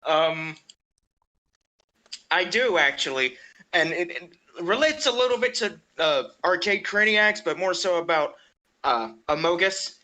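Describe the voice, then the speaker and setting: Young male co-host, high and bright tone, chatty and laughing in casual chat. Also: lively intonation, a little slow, poor audio. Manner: chatty, laughs often, swears. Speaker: podcast co-host.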